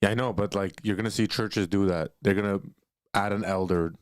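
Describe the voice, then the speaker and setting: A man's voice: on the low side, fairly even intonation, fairly quick, dry recording, studio quality. A man co-hosting a casual podcast, making laid-back, subdued asides. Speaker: podcast co-host. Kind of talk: casual chat.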